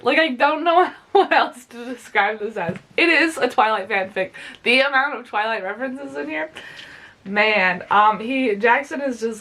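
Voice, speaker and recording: A woman's voice: fairly high pitch, a bit bright. A young woman talking casually in a home reading vlog, gushing about a book and swearing freely. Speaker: book vlogger. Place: home bedroom.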